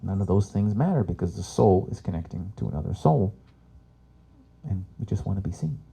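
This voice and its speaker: A man's voice: deep voice, lively intonation, a little fast, creaky, dark tone, slightly rough. A man in his forties from Canada doing chatty stand-up comedy as a workshop host. He swears freely and laughs at his own jokes. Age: 40s. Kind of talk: live stand-up comedy talk.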